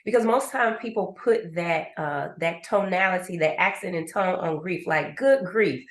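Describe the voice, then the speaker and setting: Woman host, lively storyteller, recorded in an echoey room. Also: on the low side, moderate pace. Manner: animated storyteller, acts out voices in asides. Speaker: host and grief coach. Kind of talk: conversational podcast talk.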